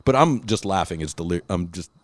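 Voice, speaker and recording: A man's voice: low-pitched, expressive, fairly quick. A man telling stories in a casual chat, rambling and swearing, often doing other people's voices. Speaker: podcast host and musician.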